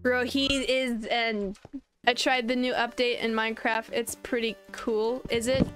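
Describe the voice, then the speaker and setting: A young woman with a high, bright-pitched voice narrates her game in an unhurried but excitable way. She is playful and yelps suddenly, and music plays clearly behind her. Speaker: gaming video creator. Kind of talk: Minecraft let's play commentary. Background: background music.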